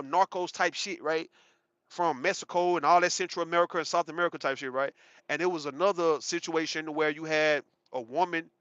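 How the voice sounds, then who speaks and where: A man's voice: fairly high pitch, sharp tone, no echo. A man in his thirties giving a rambling, profane, emphatic casual commentary monologue, often repeating himself. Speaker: commentary channel host. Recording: dull, muffled sound.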